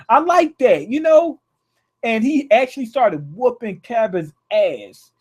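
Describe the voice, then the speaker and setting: A male anime reviewer with a high voice for a man, talking in a loose, slangy ramble. He often circles back and restarts his thoughts. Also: big pitch swings, unhurried, darkish tone, slightly rough. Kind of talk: casual video review.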